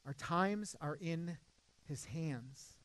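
A man's voice: on the high side, very slow, fairly bright tone. A man in his thirties preaching a sermon in an earnest, conversational way, often restarting his sentences. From Midwest United States. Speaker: pastor.

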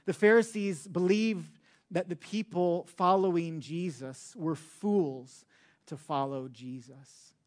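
A male pastor preaching a sermon with emphatic, drawn-out words for stress. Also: fairly high pitch.

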